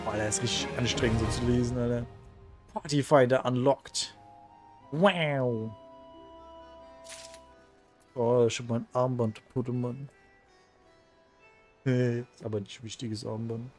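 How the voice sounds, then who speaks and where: A man streaming a video game, talking casually in quick, muttered asides. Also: medium pitch, steady tone, soft background music. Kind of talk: casual commentary while gaming.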